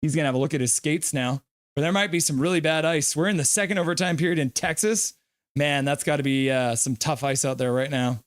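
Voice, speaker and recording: High-voiced excitable male stream host. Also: fairly quick, no room sound, studio quality. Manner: excitable, reads viewer comments aloud. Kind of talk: fan play-by-play and chat reading on a live stream.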